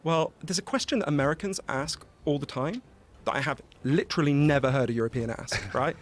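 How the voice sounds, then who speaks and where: A British man, a journalist, talking casually as a podcast guest, animated and swearing freely as he tells anecdotes. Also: fairly high pitch, brisk, slight background noise. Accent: British English. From Britain.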